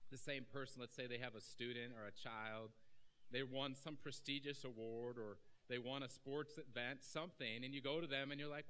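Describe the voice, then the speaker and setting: A man's voice: medium pitch, steady tone, normal speed, pushed and bright, clear, resonant tone, rough recording. A man preaching a sermon as pastor, talking directly and conversationally to his congregation.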